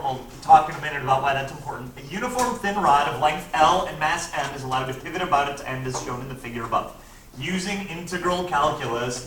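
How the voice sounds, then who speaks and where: A man's voice: a little high, bright, forceful tone, far from the mic. A male physics teacher lecturing casually through test problems, often checking in with "right?". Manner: conversational, checks in with frequent "right?". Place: classroom. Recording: echoey classroom, recorded from afar, noisy.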